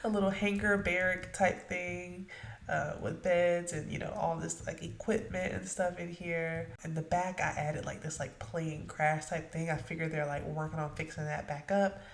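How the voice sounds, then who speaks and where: A woman's voice: on the low side, flat delivery, unhurried. Chatty woman narrating a life-sim game. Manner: chatty, addresses viewers directly. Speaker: let's play narrator. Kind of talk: casual game commentary. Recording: echoey room.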